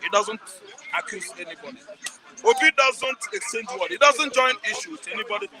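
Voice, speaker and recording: Nigerian guy ranting about politics, real high voice, keeps asking are you listening. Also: brisk, crowd noise, low-quality recording. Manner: emphatic, repeats words, presses listener with rhetorical questions. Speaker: political commentator guest. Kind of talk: heated political commentary.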